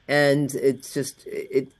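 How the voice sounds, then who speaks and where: A woman guest astrologer chatting on a radio show, meandering and quick to laugh. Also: rumbling low, completely flat delivery. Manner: slow, meandering, laughs easily. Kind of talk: casual radio chat. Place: radio studio.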